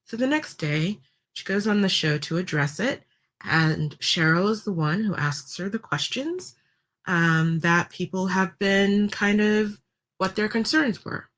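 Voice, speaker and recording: A woman's voice: mid-range voice, measured pace, fairly bright tone. A woman talking through a casual commentary vlog in a chatty, wry way, with frequent ums and laughs. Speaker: vlogger.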